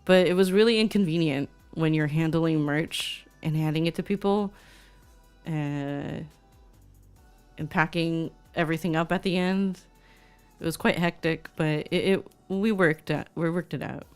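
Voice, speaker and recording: A woman's voice: sits low, measured pace, darkish tone, smooth, soft background music. A young woman VTuber chatting casually on stream, gushing and reading chat aloud.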